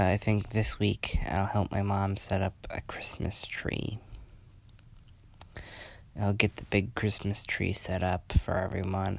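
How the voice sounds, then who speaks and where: A sleepy young man hosting his own casual podcast, rambling and halting with frequent restarts and yawns. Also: low-pitched, gravelly, no echo. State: sleepy, yawning. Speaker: podcast host. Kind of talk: casual solo podcast chat.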